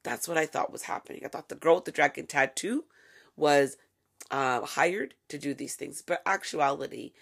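A woman's voice: deep voice, normal speed, vocal fry, slightly rough. A woman hosting a casual solo podcast, delivering sarcastic, profane, gossipy commentary. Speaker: podcast host.

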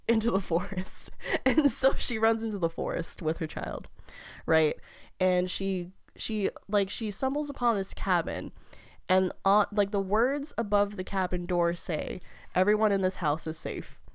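Woman telling a fairy tale in a chatty rambly way, smooth voice, dry close sound. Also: mid-range voice, dry recording. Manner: laughs often, rambling storyteller. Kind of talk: casual chat, retelling a fairy tale.

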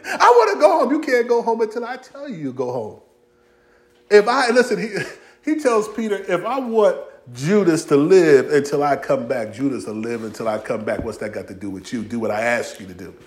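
A man's voice: medium pitch, moderate pace. A man preaching a sermon, playful and humorous, acting out voices of biblical figures in vernacular speech. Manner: animated, humorous preaching with acted-out dialogue; Southern-inflected vernacular, y'all and ain't. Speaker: pastor.

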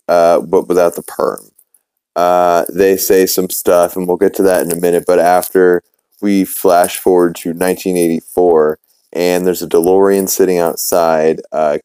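A man hosts a podcast, recapping a cartoon episode in a rambling, sarcastic style packed with fillers. His voice sits low with a dark, clear, resonant tone, and the recording carries no room sound.

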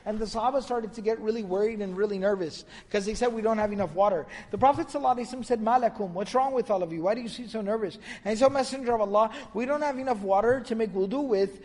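A man's voice: sits high, darkish tone, long reverb tail. A man giving a religious lecture, retelling narrations in a storytelling manner and quoting Arabic. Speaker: Islamic lecturer.

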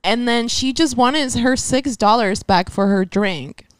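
A young woman comedian in casual podcast chat, making wry deadpan remarks. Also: fairly high pitch, a little slow, clear, resonant tone, no echo.

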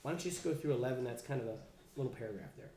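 A man's voice: mid-range voice, animated, racing. A man leading an informal Bible study class, casual and chatty, often restarting his sentences. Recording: echoey room, faint background noise.

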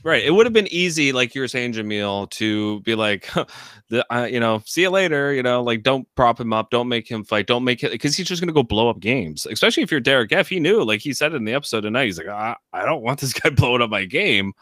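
A male podcast co-host talking casually about a reality show. His voice sits at an ordinary pitch and meanders, with fillers everywhere. He is recorded close and dry, with almost no room. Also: lively intonation, fast, fairly bright tone, dry recording. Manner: rambling, fills with "like" and "you know". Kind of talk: casual reality-TV recap chat.

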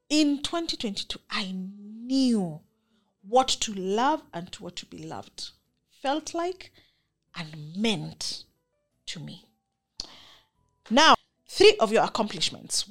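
A woman's voice: mid-range voice, a bit bright. Earnest young Kenyan woman vlogging. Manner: earnest, emphatic, faith-filled. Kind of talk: reflective personal monologue.

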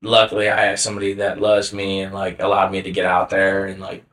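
A man's voice: low-pitched, completely flat delivery, brisk, fairly bright tone, echoey room. A young man co-hosting a casual podcast chat, rambling with lots of filler words and swearing. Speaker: podcast co-host.

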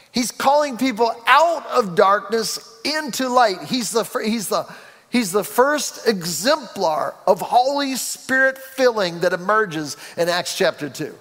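High-pitched guy preaching a sermon, big echo like a church hall. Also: fairly bright tone. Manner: preaching with rising emphasis and acted-out quotes. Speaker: pastor. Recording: reverberant hall.

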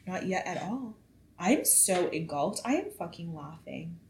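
A woman in her twenties hosting a casual solo podcast, chatty and animated, swearing freely as she tells stories. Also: fairly low pitch, unhurried, gravelly, a little hiss or hum. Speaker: podcast host. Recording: echoey room.

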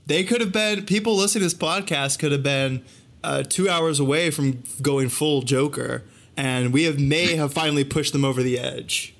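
A man's voice: on the high side, moderate pace, gravelly, fairly bright tone. A man hosting a casual podcast, wrapping up with a mock-grand, dry delivery. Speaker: podcast host.

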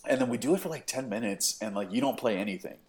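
A man's voice: medium pitch, quick pace, slight background noise. A young man telling a story in casual chat, acting out what people said, swearing freely and laughing often. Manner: animated storytelling, acts out quotes, frequent swearing and laughter.

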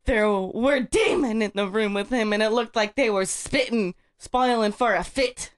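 A woman's voice: medium pitch, normal speed, smooth. A woman co-hosting a comedy podcast, reading a story aloud and breaking into laughter all the time. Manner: laughs constantly while reading.

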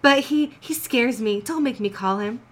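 A woman's voice: a little high, moderate pace, pitched above the performer's own voice, natural voice. A woman doing a timid, pleading little pony. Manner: soft, pleading, shaky. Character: timid gentle young female pony.

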